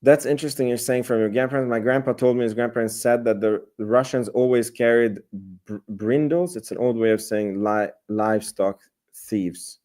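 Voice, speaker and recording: With a steady, slightly mellow mid-range voice and a moderate pace, a man hosts a live stream about selling options. He answers viewers' chat comments in a rambling way, heavy on fillers and restarts.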